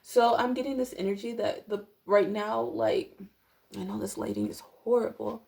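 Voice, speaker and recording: A woman's voice: on the high side, steady tone, moderate pace, vocal fry, a little mellow. A young woman giving a casual tarot reading to camera at home, rambling with many fillers and apologetic asides. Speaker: tarot reader.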